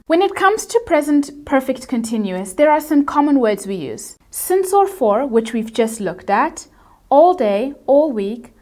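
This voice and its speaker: Woman, high voice, English teacher, clear measured explanations, scripted grammar lesson. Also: darkish tone.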